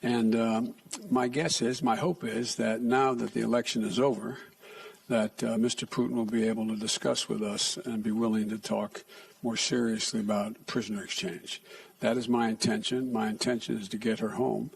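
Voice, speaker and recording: An older man takes questions at a press conference, picking his way through answers with many restarts and half-finished phrases. His voice is husky and a little breathy. He sounds somewhat distant from the microphone. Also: fairly low pitch, flat delivery. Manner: halting, restarts often, soft asides. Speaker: president answering reporters. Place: press room.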